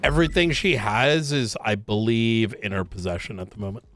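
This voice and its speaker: Low-voiced man, halting in-character talk. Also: fairly bright tone, soft background music. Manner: hesitant, many pauses and ums. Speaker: roleplay player. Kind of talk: in-character roleplay chat.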